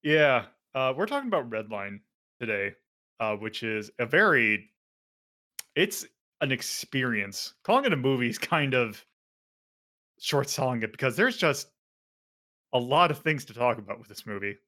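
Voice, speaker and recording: A man's voice: medium pitch, big pitch swings, normal speed, sharp tone. A man hosting a casual podcast, rambling with lots of fillers and self-corrections. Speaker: podcast host.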